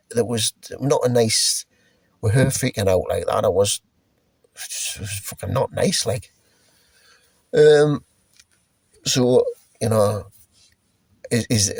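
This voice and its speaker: A man's voice: on the low side, vocal fry, a little mellow, slightly rough, no room sound. A middle-aged man rambling through a casual spoken recollection, swearing freely and restarting his sentences. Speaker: storyteller recalling a past journey.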